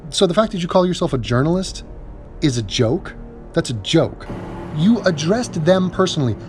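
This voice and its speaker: A man's voice: on the high side, expressive, normal speed, music in the background. A man giving a sarcastic, profane reaction commentary, recorded on a phone while in bed at home. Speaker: online commentator.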